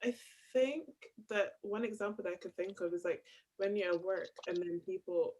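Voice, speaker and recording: A woman's voice: medium pitch, moderate pace, a little mellow. A young woman on a panel, speaking reflectively and casually, using "like" constantly. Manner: reflective, heavy use of "like".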